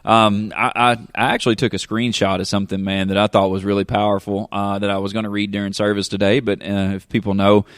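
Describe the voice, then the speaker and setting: Man, Southern Kentucky drawl, pastor hosting a podcast, rambling and jokey, lowish voice, dry close sound. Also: flat delivery, quick pace, few pauses, clean tone, dry recording. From Kentucky, United States. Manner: rambling, jokey, lots of fillers and asides. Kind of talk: casual podcast chat.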